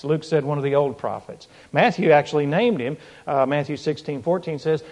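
A man preaching a sermon, emphatic, with dramatic pauses and swells in volume. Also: a little high, lively intonation, darkish tone, lo-fi sound.

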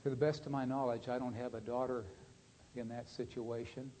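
An earnest man preaching, with a voice of ordinary middle pitch. He reads a moving story and talks plainly to his listeners, often letting his voice sink soft and low for weight. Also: level tone, brisk, slight background noise. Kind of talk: sermon with read-aloud story.

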